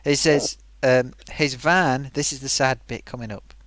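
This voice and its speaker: A man's voice: medium pitch, measured pace, a bit bright, no echo. A man hosting a live stream, chatting casually and rambling, laughing often. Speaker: livestream host.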